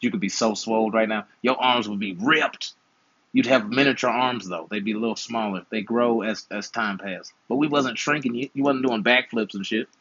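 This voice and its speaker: Man, twenties, husky, slangy teasing uncle, dull dry recording. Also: on the low side, moderate pace, fairly bright tone. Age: 20s. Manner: playful, slangy, teasing advice. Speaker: uncle and channel host. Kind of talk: casual chat while gaming.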